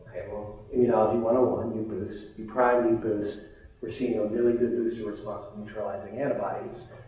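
A man's voice: medium pitch, mellow. Candid male lecturer in an echoey hall. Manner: conversational, candid, self-deprecating, with fillers. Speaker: physician lecturing on vaccines. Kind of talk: informal medical grand rounds lecture. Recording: echoey hall, mic far off.

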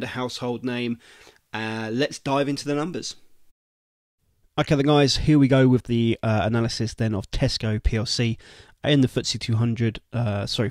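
A man hosting a casual stock analysis vlog, chatty and informal, his voice croaky and nasal from a cold. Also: medium pitch, dry recording, clean studio sound. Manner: chatty, informal, talks straight to viewers. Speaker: investing video host.

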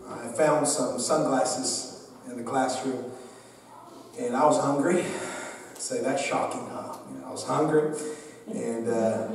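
A man preaching a sermon, a pastor telling a humorous personal story and joking with his congregation. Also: medium pitch. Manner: humorous, lively storyteller who acts out the people in his stories; talks directly to the congregation and jokes with them. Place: church sanctuary. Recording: echoey church hall, mic at a distance.

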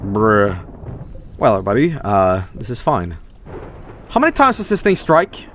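Lively, excitable male game streamer. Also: fairly low pitch, moderate pace, slight background noise. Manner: animated, swinging between mutters and shouts. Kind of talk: livestream game commentary.

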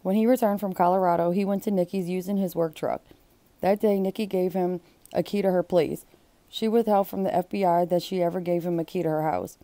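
Her voice is lowish and warm, with fairly even intonation and a fairly quick pace, and there's no echo. Between read passages of a book, she breaks in with blunt, exclaiming remarks.

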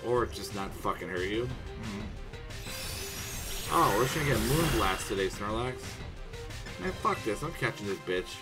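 A man streaming himself playing a video game, swearing a lot and swinging from low mutters to loud outbursts at the game. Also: lively intonation, normal speed. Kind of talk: casual live gameplay commentary. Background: game music.

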